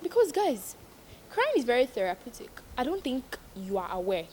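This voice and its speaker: A woman's voice: a little high, very animated, moderate pace, a little mellow, a little hiss or hum. A young woman vlogger giving emphatic, preachy advice to her viewers, repeating lines for stress. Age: young adult. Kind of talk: casual advice monologue to viewers.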